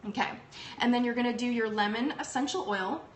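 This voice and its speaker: A woman's voice: on the high side, fairly quick. A young woman hosting a casual livestream, upbeat and chatty with plenty of ums. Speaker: host. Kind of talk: casual livestream product talk. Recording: echoey room with faint background noise.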